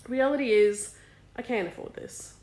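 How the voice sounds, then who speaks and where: A woman's voice: mid-range voice, fairly quick, echoey room. A woman in her thirties, a small business owner, chatting candidly and emotionally in a casual vlog, swearing freely. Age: 30s.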